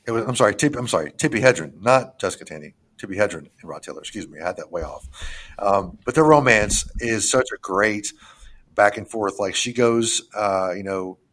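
A man hosting a casual podcast about films, talking in an excitable, profane, rambling way full of restarts. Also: fairly low pitch, moderate pace. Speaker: podcast host reviewing films. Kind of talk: casual chat.

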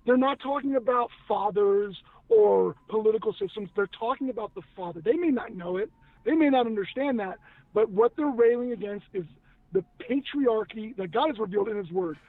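High-pitched guy on a tinny phone-like line, earnest, keeps restarting, dry sound. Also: a little fast, no echo. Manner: earnest, emphatic, many restarts. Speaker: guest, former actor now in news media. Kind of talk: casual conversation on faith.

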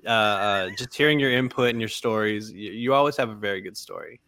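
A man's voice: on the low side, brisk, pushed and bright, no room sound. A man co-hosting a podcast, wry and teasing, with a short earnest tribute. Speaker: podcast co-host. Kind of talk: casual podcast banter.

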